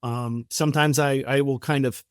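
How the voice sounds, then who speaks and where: Medium-pitched and at a normal speed, this man's clean voice comes through with no room sound, at studio quality. He's a company founder guesting on a podcast, telling stories casually and voicing the quoted dialogue, often starting over mid-thought.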